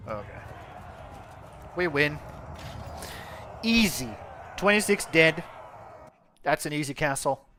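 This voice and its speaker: A man's voice: fairly high pitch, takes it slowly, long pauses, faint music behind. A young man giving laid-back, casual commentary on his gameplay, cursing now and then and trailing off mid-sentence. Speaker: gaming channel host. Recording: steady background noise.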